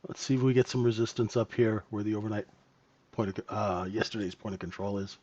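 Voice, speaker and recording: A man's voice: on the low side, fairly even intonation, brisk, a little mellow, no echo, highs cut off. A man hosting a live trading room, talking casually and thinking aloud as he calls futures trades.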